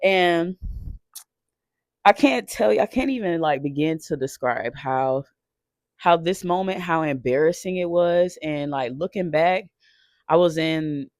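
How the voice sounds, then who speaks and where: A man telling a painful personal story off the cuff, emotional and halting, swearing and restarting often. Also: on the high side, dry recording, studio quality. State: shaken while recounting.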